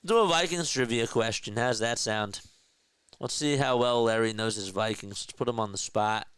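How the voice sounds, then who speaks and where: Smooth-voiced casual play-by-play man. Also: mid-range voice, normal speed, fairly bright tone, dry recording. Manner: casual, chats with viewers between plays. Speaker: play-by-play streamer. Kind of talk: live play-by-play commentary.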